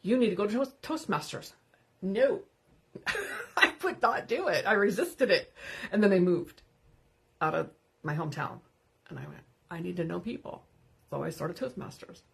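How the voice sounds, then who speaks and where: A woman's voice: medium pitch, big pitch swings, normal speed, gravelly, long pauses. Candid woman hosting a livestream. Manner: candid, conversational, greets viewers by name. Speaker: livestream host. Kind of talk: unscripted live talk.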